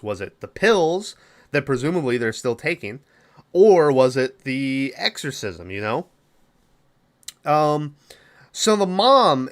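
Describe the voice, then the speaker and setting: Young podcast guy recapping a movie, swears a lot, does little quoted bits, middle pitch. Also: fairly bright tone. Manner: loose, profane plot retelling with quick quoted asides. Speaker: podcast host.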